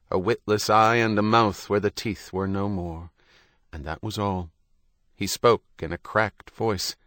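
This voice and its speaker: Male narrator for a novel, lowish voice, dry close mic, measured delivery. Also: a bit bright, dry recording. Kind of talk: audiobook narration.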